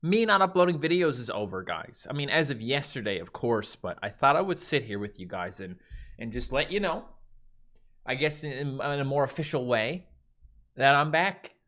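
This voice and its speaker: A livestream host from Newfoundland, Canada, chats casually with a Newfoundland accent, answering viewer chat from a mostly empty carpeted room. His mid-range voice is expressive and fairly bright, delivered at a normal speed.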